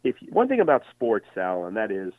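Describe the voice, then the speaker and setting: A veteran broadcaster in his sixties tells animated stories as an interview guest. His voice sits low and comes through a thin phone line, and the sound is dry and close. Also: a little fast, no room sound. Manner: animated storyteller with many voices. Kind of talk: storytelling interview.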